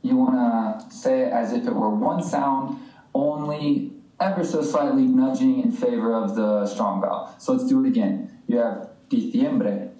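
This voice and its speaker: A man's voice: mid-range voice, unhurried, warm tone. A man co-hosting a language podcast, teaching in a casual, jokey, slangy way. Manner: jokey, laid-back, slangy. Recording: echoey room, distant mic.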